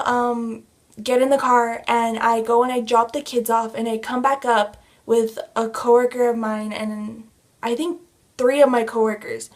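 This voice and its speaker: High-voiced young woman ranting heatedly. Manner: heated, profane, animated storytelling. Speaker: vlogger. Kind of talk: storytime rant.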